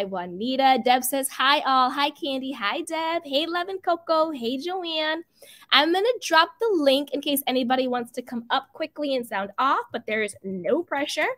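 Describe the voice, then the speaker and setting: A woman hosting a casual livestream, greeting viewers by name, reading out their comments and giving her own strong opinions. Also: high-pitched.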